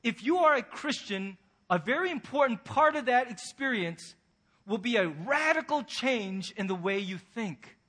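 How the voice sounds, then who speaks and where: A man's voice: very high-pitched, animated, unhurried, pushed and bright, husky. A man pastor preaching a sermon, earnest and direct, pressing his listeners with pointed rhetorical questions.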